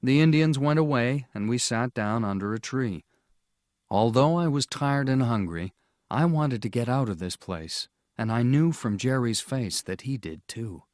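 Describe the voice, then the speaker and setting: A man narrating a storybook audiobook in a slow, measured, clear reading style. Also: mid-range voice, a little mellow, no echo, studio quality.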